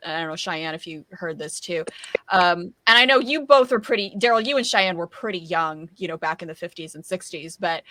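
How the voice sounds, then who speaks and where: A woman's voice: on the low side, pushed and bright, no echo. A woman from California moderating a casual panel chat and reading out audience questions in an upbeat way.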